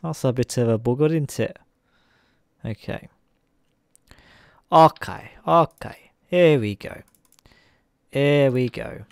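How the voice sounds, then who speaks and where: A man giving relaxed live commentary on a game he is playing, chatting with viewers and laughing often. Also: mid-range voice, unhurried, pauses often, clean tone, no room sound, clean studio sound. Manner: chatty, chuckling, talks to viewers. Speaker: streamer.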